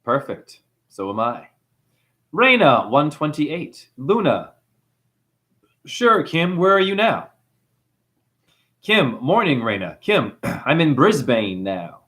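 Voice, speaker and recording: New Zealand-accented man, livestream host, rambling and preachy, very lively pitch. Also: takes it slowly, pauses often. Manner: rambling, preachy, calls listeners honey. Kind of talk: livestream monologue reading chat.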